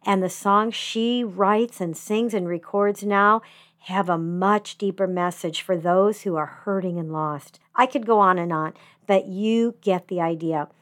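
A middle-aged woman speaks in a slow, measured devotional voice. Her pitch sits in an ordinary middle range. She lingers on words for gentle emphasis. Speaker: grief ministry speaker. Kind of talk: devotional talk.

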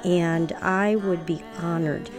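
A woman hosting a podcast, speaking in a gentle, sincere way as she wraps up an episode. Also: fairly low pitch, steady tone, slow pace, music in the background. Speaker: podcast host. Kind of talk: podcast outro narration.

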